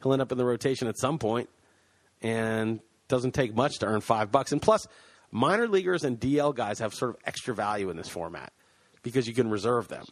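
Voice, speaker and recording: A man's voice: medium pitch, brisk. A man co-hosting a podcast in casual chat, loose and rambling, laughing as he talks, recorded on a computer mic. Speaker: podcast co-host. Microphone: computer mic, remote call.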